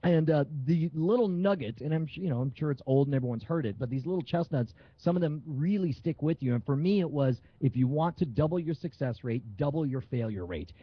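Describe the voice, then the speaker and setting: A man who is a magician guest, telling stories in an animated, emphatic way during a casual chat. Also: fairly high pitch, brisk, hardly any pauses, husky, no echo. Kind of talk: casual live-stream chat. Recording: dull lo-fi sound.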